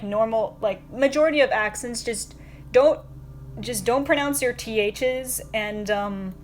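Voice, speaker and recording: A woman's voice: on the high side, slight background noise. A woman hosting a casual livestream, chatting with viewers in a rambling way with many fillers and frequent laughs. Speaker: livestream host.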